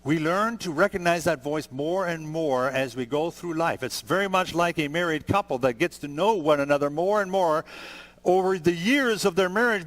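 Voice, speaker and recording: A man in his sixties preaching a sermon, conversational and gentle, building to emphatic peaks. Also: a little high. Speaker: pastor.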